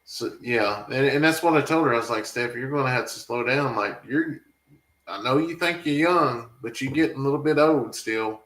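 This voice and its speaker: A man's voice: mid-range voice, normal speed, fairly bright tone. Farm vlogger, man, emotional and rambling, reading viewer chat in an echoey room. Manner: rambling, emotional, talks back to viewer comments. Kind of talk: casual live-stream chat.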